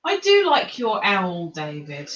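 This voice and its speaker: A woman's voice: medium pitch, huge pitch swings, slow, fairly bright tone, muffled recording, slight background noise. A woman hosting a casual live chat, quizzing her viewers in a chatty, giggly way. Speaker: host. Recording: echoey room.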